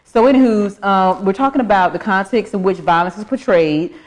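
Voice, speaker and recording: A woman's voice: medium pitch, lively intonation, brisk. A middle-aged woman with a Southern US accent hosting a casual livestream, chatting and greeting viewers by name. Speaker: livestream host. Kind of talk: casual live-stream chat.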